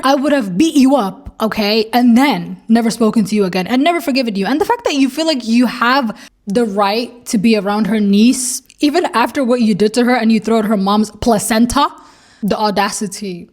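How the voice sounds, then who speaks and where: Heated, blunt woman with a higher voice. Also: a little fast. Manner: blunt, heated, swearing freely; animated, emphatic rants. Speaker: reaction video host. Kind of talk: casual commentary reacting to online posts.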